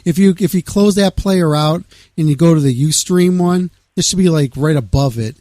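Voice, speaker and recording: Laid-back male radio host, slightly high. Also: moderate pace, warm tone, dry recording, studio quality. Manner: rambling, laid-back, reads out press notes with restarts. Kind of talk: casual radio talk.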